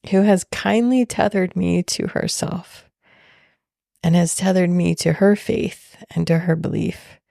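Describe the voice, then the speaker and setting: Slow, gravelly-voiced woman storyteller. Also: on the low side, no room sound, clean studio sound. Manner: slow, heartfelt, soft-spoken. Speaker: podcast host. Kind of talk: reflective personal storytelling.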